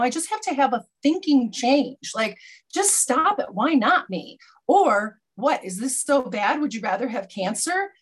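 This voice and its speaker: Earnest middle-aged woman, slightly high voice. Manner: earnest, reflective, with frequent restarts. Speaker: speaker sharing a personal recovery story. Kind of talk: personal testimony.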